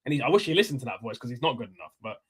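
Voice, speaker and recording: A young man hosting a casual post-match fan livestream, rambling and excitable. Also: mid-range voice, very fast, breathy edge. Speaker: livestream host.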